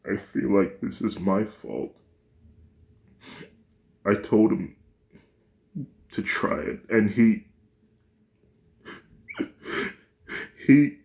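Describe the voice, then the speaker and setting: A man's voice: on the low side, expressive, takes it slowly, creaky, pauses often, darkish tone, exaggerated voice. A man voicing a frightened young boy who sobs out his questions in a choked voice, in a fan-made storybook reading. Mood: tearful, scared.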